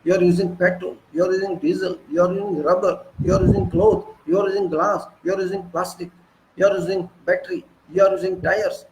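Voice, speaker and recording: A man's voice: sits high, steady tone, brisk, a little mellow, roomy sound, slight background noise, rough recording. A man in his sixties with an Indian English accent, giving an earnest moralizing lecture full of repetition and rhetorical questions. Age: 60s.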